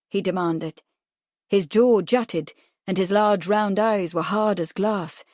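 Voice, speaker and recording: A woman narrates a novel as an audiobook, reading the script in an even, measured way. Her voice sits in the mid-range, and the clean studio recording has no echo.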